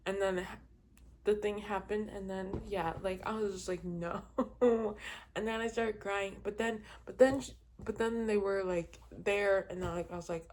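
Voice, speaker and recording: A woman's voice: medium pitch, a little mellow. A young woman chatting casually as a book vlogger, rambling with many fillers and laughs, and easily exasperated. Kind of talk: casual reading wrap-up chat.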